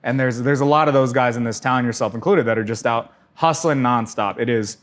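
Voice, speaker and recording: A man hosting a casual podcast, agreeable and relaxed, swearing now and then. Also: medium pitch, fairly quick. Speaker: podcast host.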